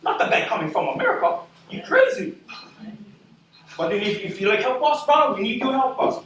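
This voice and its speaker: A man's voice: extremely high pitch, sing-song, fairly quick, a bit bright, a little hiss or hum. A man with a Hawaiian Pidgin accent giving impassioned, emphatic testimony at a community meeting, repeating himself and calling listeners "bro". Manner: emphatic, repetitive, swearing, addressing officials as "bro". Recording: echoey hall from far off.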